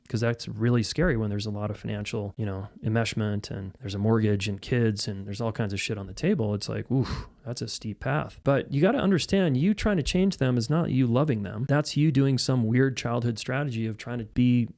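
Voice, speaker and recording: A man's voice: medium pitch, darkish tone. A man giving relationship advice straight to camera, blunt and emphatic, talking casually with frequent restarts. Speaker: relationship coach. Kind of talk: direct-to-camera advice talk.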